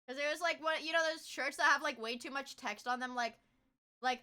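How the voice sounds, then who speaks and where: High bright-voiced woman streamer. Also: brisk. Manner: rambling, swearing, loud bursts of laughter. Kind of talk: casual livestream chat.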